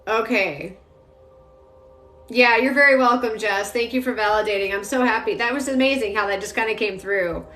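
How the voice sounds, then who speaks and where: A woman's voice: a little high, normal speed, pushed and bright. A young adult woman giving a psychic reading on a live stream, rambling with lots of filler words. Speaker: psychic medium. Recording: roomy echo, faint music behind.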